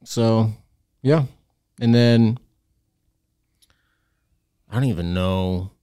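A young man speaks as a podcast guest, his voice low and clean, recorded close with no room sound. He tells his story candidly, in halting phrases, and slips into the voices of people he once talked to. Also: mellow, smooth, no echo. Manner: halting, candid, reenacts past dialogue.

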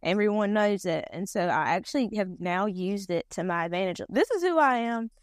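Wanita bersuara logat Selatan Carolina Utara yang santai. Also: female voice, mid-range voice, animated, moderate pace, dry recording, clean studio sound. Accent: Southern US, eastern North Carolina. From North Carolina. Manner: chatty, down-to-earth, many fillers. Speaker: podcast guest, pageant titleholder. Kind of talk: casual conversation.

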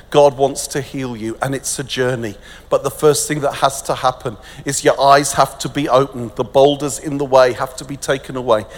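A man preaching an energetic, jokey festival sermon that turns hushed and tender, recorded in a large venue with long reverb. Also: mid-range voice.

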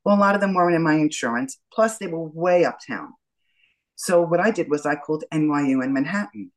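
Her voice sits low and her pace is brisk: a middle-aged woman being interviewed, vividly narrating her own story and acting out what people said. The audio quality is low.

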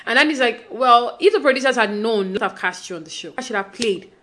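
Woman, casual recap commentary, slightly high voice, animated, quotes others. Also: fairly quick. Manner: animated retelling, acting out quotes. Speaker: reality TV commentator.

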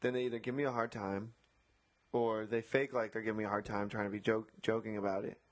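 A man's voice: fairly low pitch, little pitch movement, fast. A man who works as a beach umbrella attendant, casually retelling a run-in with a customer, acting out both sides and swearing often. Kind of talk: casual storytelling chat.

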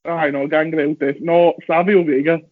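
A man's voice: fairly high pitch, fairly even intonation, normal speed, no room sound. A young Scottish man, a professional wrestler, chatting casually and rambling with self-deprecating asides. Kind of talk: casual podcast chat. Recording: dry, phone-like lo-fi audio.

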